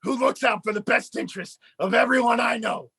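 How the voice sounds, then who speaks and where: A man voicing an excitable male puppet with a raspy, shouty voice, hollering through podcast banter. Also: extremely high pitch, fairly quick, full character voice. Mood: excited. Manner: yelling excited exclamations. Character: loud excitable male puppet, scrappy hustler.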